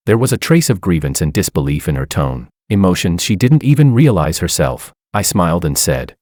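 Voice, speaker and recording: Low-voiced man narrating a story. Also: very animated, moderate pace, few pauses, a little mellow, no echo, studio quality. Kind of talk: first-person story narration.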